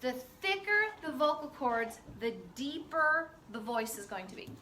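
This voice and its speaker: A woman teaching a class in a relaxed, chatty way, full of fillers. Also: sits high, unhurried, slight background noise. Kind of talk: classroom lecture. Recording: echoey classroom from far off.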